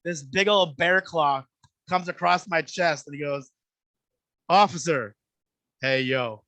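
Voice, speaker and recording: A man from Southern Illinois, animated, acting out the voices in his story as a guest. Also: on the high side, a little slow, no echo. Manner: animated, acts out voices in anecdotes. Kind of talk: casual storytelling.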